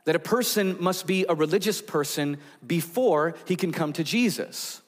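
A man's voice: on the high side, normal speed. A man, a pastor, preaching a sermon in a conversational storytelling way with frequent fillers. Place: church sanctuary. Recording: long church hall reverb.

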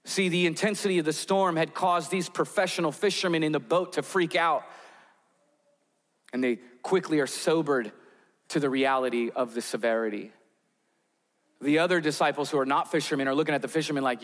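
A man's voice: fairly high pitch, a little fast, a bit bright, in a large hall. A man preaching a sermon, telling vivid stories that build tension. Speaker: pastor.

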